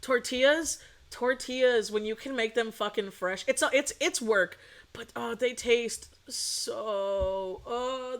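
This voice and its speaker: Bright-voiced woman streamer, casual rambling. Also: on the high side, takes it slowly. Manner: rambling, swears freely, laughs often. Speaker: VTuber streamer. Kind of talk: casual chat.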